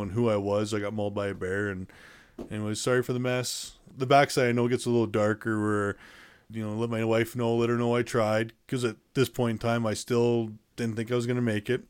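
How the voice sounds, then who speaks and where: A man's voice: medium pitch, steady tone, fairly quick, a little mellow, clear, resonant tone. A man being interviewed, recounting events in a plainspoken, matter-of-fact way with many fillers and restarts. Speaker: interview guest. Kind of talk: casual storytelling in conversation.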